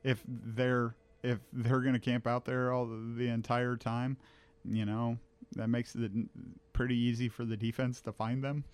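Blunt, halting male podcast co-host. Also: medium pitch, level tone, clear, resonant tone. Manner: halting, many restarts and fillers, blunt opinions. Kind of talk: casual sports chat.

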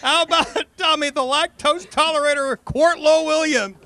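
A man's voice: very high-pitched, fairly even intonation, normal speed, sharp tone. A man emceeing a contest, giving playful mock-sportscaster commentary and laughing along.

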